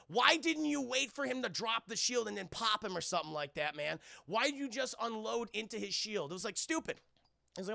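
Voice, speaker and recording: A man with a high, heavily gravelly voice tells a story to his live chat in a fast, profane, animated way. His tone is sharp and forceful, and the sound is dry and close on a desk mic. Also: no room sound. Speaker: streamer reviewing a film. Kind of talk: excited spoiler recap to live chat.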